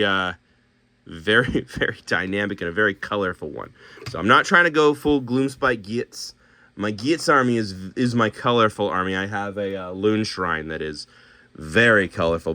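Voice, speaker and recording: A man's voice: lowish voice, bright, forceful tone, no room sound. A man casually thinking aloud as he shows paints and miniatures, talking himself through color choices with many restarts.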